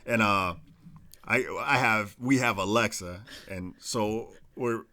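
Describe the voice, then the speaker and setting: Laid-back, low-voiced podcast co-host man. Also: takes it slowly, pushed and bright. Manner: laid-back, rambling, profane. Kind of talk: casual chat.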